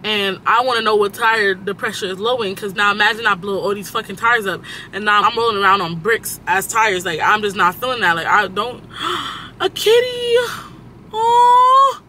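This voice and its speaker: Young male vlogger, high and very bright voice, swears freely and hops between stories while sitting in a car. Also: fairly quick, a little hiss or hum, poor audio. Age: young adult. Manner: animated, profane, jumps between topics. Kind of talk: casual storytime while driving. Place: inside a car.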